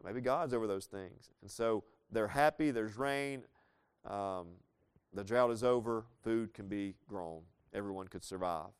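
A man preaching a sermon, explaining a Bible story in a conversational way with playful asides and reading scripture slowly. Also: on the low side, clean tone.

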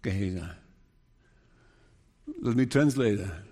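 A male preacher delivers his sermon slowly and deliberately, at a middling pitch. He retells scripture earnestly and turns it into pleading appeals. His voice carries a long reverb from a large church hall. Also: lively intonation. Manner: earnest, measured Bible storytelling with pleading appeals.

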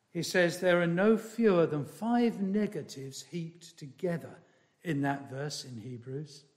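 Slow, emphatic high-voiced male preacher. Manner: slow and emphatic, swinging from loud to hushed; repeats key words and phrases for stress. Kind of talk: sermon.

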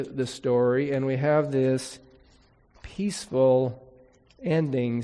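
A man's voice: mid-range voice, dark tone, in a large hall. A man preaching a sermon to his congregation, reading scripture aloud and explaining Hebrew words as he goes. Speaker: pastor.

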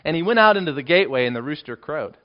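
A man's voice: fairly high pitch, animated, racing. A male pastor preaching an expository Bible sermon in an emphatic way, with dramatic swells in his delivery. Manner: emphatic, rising into dramatic readings of quoted lines. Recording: dull lo-fi recording.

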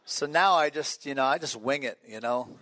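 With a bright, forceful, medium-pitched voice at normal speed, a middle-aged man preaches as a pastor, restarting often as he tells funny stories conversationally. The recording is dry.

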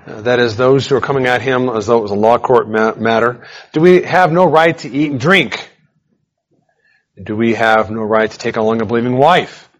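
Animated man teaching the Bible. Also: mid-range voice, moderate pace. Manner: animated, emphatic, conversational asides.

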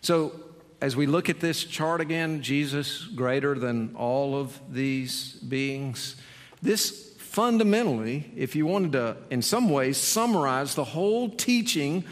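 A man's voice: a little high, expressive, slow. A man preaching a sermon as pastor, earnest and building to emphatic, repeated appeals. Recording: long reverb in a large hall.

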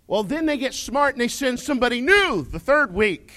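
A male pastor preaching a sermon, folksy and humorous, swinging between loud declarations and quiet asides as he questions his congregation. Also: extremely high pitch, very animated, moderate pace, few pauses.

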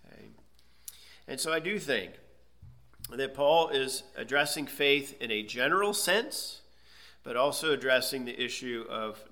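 A man's voice: medium pitch, sharp tone. A man preaching an expository sermon, teaching emphatically and asking rhetorical questions. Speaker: pastor.

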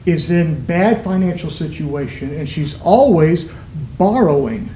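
A man preaching a sermon as pastor, stressing words with emphatic shifts in pitch. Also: lively intonation, measured pace, mellow, reverberant, slight background noise, low-quality recording.

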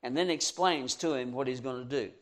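A man preaching a sermon, earnest and direct, asking his listeners questions and swinging from loud emphasis to quiet asides. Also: mid-range voice, fairly quick.

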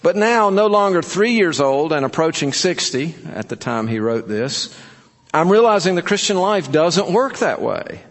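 A man's voice: on the high side, very animated, moderate pace, long reverb tail. A man preaching a sermon in an earnest, urging way, telling stories to make his point. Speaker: pastor.

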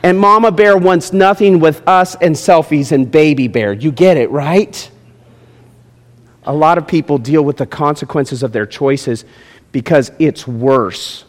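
A man preaching a sermon, moving between quiet asides and loud, emphatic points. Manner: animated preaching, swinging from low asides to shouted points. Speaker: pastor. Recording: long hall reverb.

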